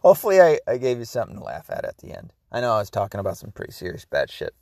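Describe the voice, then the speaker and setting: A man's voice: on the low side, wildly swooping pitch, very fast, vocal fry, darkish tone, dry recording. Profane ranting man, dry sound. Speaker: podcast host. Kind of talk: casual solo monologue.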